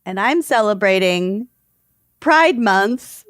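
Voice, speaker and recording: A woman's voice: mid-range voice, expressive, slow, fairly bright tone, smooth, dry recording, clean studio sound. A woman in her thirties co-hosting a podcast, bantering playfully and giggling. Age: 30s. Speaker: podcast co-host. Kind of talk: casual chat.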